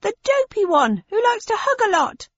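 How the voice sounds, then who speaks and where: A woman's voice: very high voice, very animated, moderate pace, a bit bright, no room sound, voice pushed up, exaggerated voice. A woman voicing a mocking heckler at the back of a crowd in an audiobook. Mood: jeering. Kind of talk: audiobook reading. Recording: dry, slightly dull lo-fi sound.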